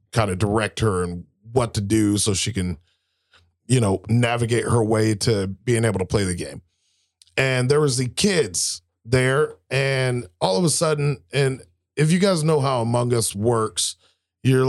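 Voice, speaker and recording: A man's voice: medium pitch, vocal fry. A man in his thirties co-hosting a casual talk show, ranting heatedly and swearing constantly. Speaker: podcast co-host. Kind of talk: casual profane rant.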